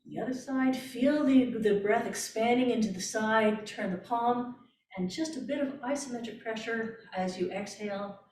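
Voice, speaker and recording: A woman voice coach with a Canadian accent, calmly guiding breathing exercises step by step and demonstrating the breaths. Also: a little high, normal speed, recorded from a distance, slight background noise. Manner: calm, gentle, step-by-step guidance with demonstrated breaths. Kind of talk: guided breathing workshop instruction. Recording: roomy echo, voice from off mic.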